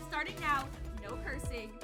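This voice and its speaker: A young woman streaming a game in casual, excitable chat, swearing, mocking herself and talking to her cat. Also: high-pitched. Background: faint background music.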